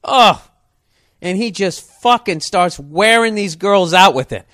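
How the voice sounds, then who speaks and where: A man telling a comic story as a profane rant, animated and full of sound effects. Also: sits high, measured pace, no echo, clean studio sound.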